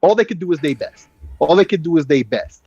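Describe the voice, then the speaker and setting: Opinionated podcast guy, kinda high voice, muffled dry mic, says you know a lot. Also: animated, fairly quick, warm tone, husky. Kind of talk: casual gaming podcast chat.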